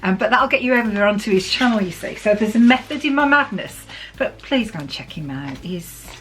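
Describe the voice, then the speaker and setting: A woman's voice: mid-range voice, animated, fairly quick. Gushing English woman vlogger, music behind. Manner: chatty, gushing, emotional, laughs often. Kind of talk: casual chat while opening a parcel.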